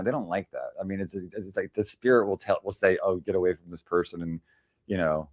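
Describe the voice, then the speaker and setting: A man's voice: fairly low pitch, dry recording, studio quality. A man hosting a livestream presentation, rambling and sarcastic, full of restarts and asides. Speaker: livestream panel host. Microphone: desk microphone on a stream.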